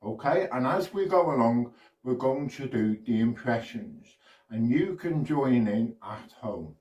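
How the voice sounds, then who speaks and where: Playful British magician, slow and roomy. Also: male voice, mid-range voice, expressive, darkish tone, far from the mic, dull audio. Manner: slow, playful, audience-prompting patter. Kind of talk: children's magic routine.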